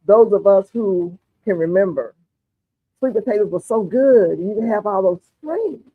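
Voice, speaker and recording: A woman's voice: mid-range voice, no room sound. A woman hosts a gardening livestream, chatting with viewers in a folksy way and calling them honey and darling. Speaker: gardening channel host. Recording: tinny phone-like audio, dry.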